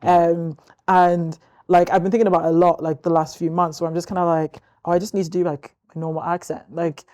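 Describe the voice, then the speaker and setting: A woman's voice: on the low side, level tone, fairly quick, few pauses, warm tone. Reflective young woman, Northern Irish accent. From Northern Ireland. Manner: reflective, laughs often. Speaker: talk show co-host. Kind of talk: casual chat.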